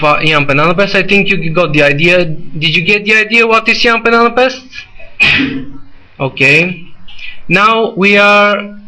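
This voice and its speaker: A man gives a lecture in a classroom, pausing and restarting as he turns to his students. His voice sits high for a man and rings very bright and forceful. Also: poor audio. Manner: halting, with frequent restarts and asides to students. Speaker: teacher giving a presentation.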